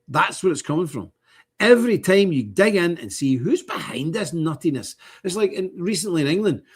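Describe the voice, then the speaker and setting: Husky Scottish man preaching blunt opinions. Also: medium pitch. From Scotland. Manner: emphatic, repetitive, blunt. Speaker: livestream host. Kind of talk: preachy livestream monologue. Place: indoor chapter house with open fire.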